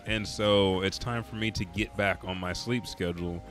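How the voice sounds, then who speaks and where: A man's voice: sits low, steady tone, moderate pace, a bit bright, faint music behind. Tired, profane, rambling young man. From Oklahoma, US. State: tired from staying up all night. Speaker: gaming streamer. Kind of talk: casual storytelling while playing.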